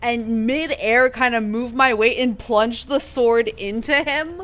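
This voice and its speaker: A woman's voice: fairly high pitch, slow pace, a bit bright. A woman playing a tabletop game, thinking aloud with fillers as she plans her move. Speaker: player.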